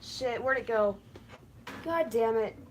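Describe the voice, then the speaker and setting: Her voice on the high side and animated but slow, a woman streams casually while trying to herd loose crickets into a cage, swearing in frustration and stammering through restarts. A little hiss or hum is audible.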